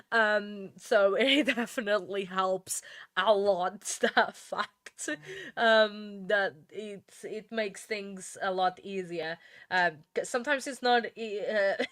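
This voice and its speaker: Woman, livestream host, bright voice, dry close sound, chatty with fillers. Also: mid-range voice, dry recording. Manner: chatty, many fillers and restarts. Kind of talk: casual livestream chat.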